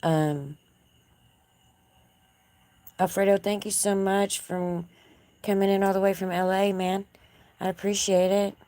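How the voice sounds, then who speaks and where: A woman's voice: medium pitch, little pitch movement, measured pace, pauses often, dark tone, no echo. A woman with a Texan accent hosting a casual live stream from her porch, folksy and chatty with her viewers. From Texas. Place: outdoor porch at dusk.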